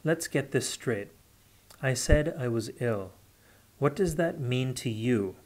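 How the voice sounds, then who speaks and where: A man's voice: mid-range voice, lively intonation, slow, darkish tone. A man reading the part of a bitter, frustrated leper in an audiobook, talking sourly and demandingly. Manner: sour and demanding.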